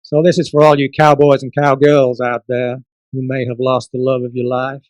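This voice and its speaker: A man reading his comic poems at a book launch, theatrical, swinging from loud outbursts to soft murmurs. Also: mid-range voice, flat delivery, normal speed, no room sound, rough recording. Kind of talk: comic poetry reading and casual asides.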